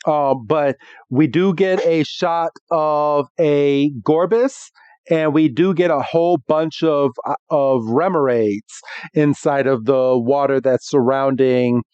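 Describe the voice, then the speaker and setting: A man's voice: fairly high pitch, slow pace, a little mellow, smooth, no room sound, muffled recording. A man co-hosting a podcast, retelling cartoon scenes in casual chat, laughing often and filling gaps with "um". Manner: giggly, frequent laughs and fillers while retelling scenes. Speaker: podcast co-host. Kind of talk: casual episode recap chat.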